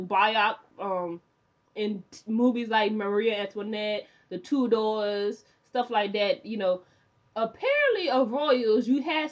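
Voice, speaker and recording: A young woman casually recapping a TV episode, chatty and animated, often acting out the characters' lines. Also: a little high. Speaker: TV recap vlogger. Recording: dull lo-fi recording.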